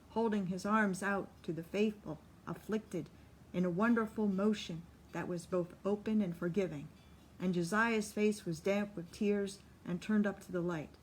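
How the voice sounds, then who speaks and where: A woman with a mid-range voice narrates an audiobook, reading the scripted text in a steady, measured way.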